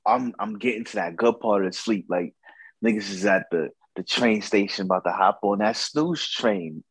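A man's voice: fairly low pitch, moderate pace, slightly rough, no room sound, poor audio. A man telling a casual story about a night out, slangy and profane, acting out what others said.

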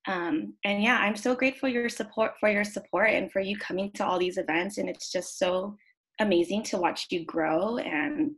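A woman's voice: mid-range voice, normal speed, breathy edge. A woman speaks as a podcast guest in casual chat. Her voice sits mid-range, and she talks in a heartfelt, gushing way, leaning on fillers. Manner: warm, heartfelt, lots of "um" and "like". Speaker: podcast guest, event host.

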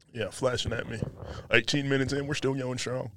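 A man's voice: medium pitch, normal speed, fairly bright tone. A man hosting a casual solo podcast indoors, talking in a loose, joking, profane and rambling way. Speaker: podcast host. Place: indoors by a window. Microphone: podcast mic.

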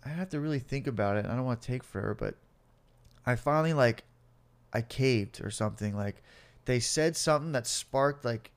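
A man's voice: medium pitch, fairly quick. A man in his late twenties or older telling his own life story in a casual interview, swearing a lot and acting out the other people in it. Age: late 20s or older. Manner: profane, animated, acts out cops and himself.

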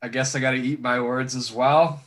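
A young man chats about sports with a bright, forceful voice. He jokes and leans into sarcasm, laughing as he talks. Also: mid-range voice, steady tone, normal speed. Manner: joking, sarcastic, laughs often. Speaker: sports podcast co-host. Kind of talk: casual sports chat.

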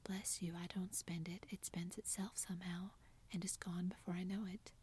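A woman's voice: on the low side, level tone, normal speed, darkish tone, slight background noise, close to an everyday voice. A woman voicing a playful, teasing tall young man in a whispered role-play, with theatrical banter.

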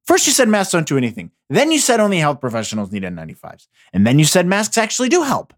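A man's voice: fairly high pitch, wildly swooping pitch, quick pace, no room sound, studio quality. A man hosting a casual solo podcast, ranting about the news with heavy profanity and rambling restarts. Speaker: podcast host.

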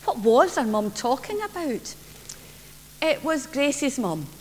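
A woman minister preaches slowly and gently, her voice a touch high. It carries a long church reverb, and a faint hum sits underneath. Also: sing-song. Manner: measured, gentle storytelling. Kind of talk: sermon with children's story.

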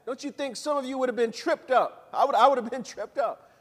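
Male pastor, animated sermon, high voice, long hall reverb. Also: fairly quick. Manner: animated preaching, acts out voices and calls the crowd to repeat.

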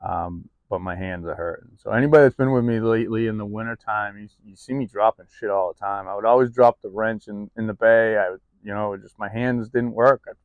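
Gravelly low-voiced man rambling candidly. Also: fairly quick, few pauses, no echo, narrow, tinny audio. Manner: rambling, confessional, frequent ums and restarts. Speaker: vlogger. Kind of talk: candid personal vlog. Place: outdoors, cold weather.

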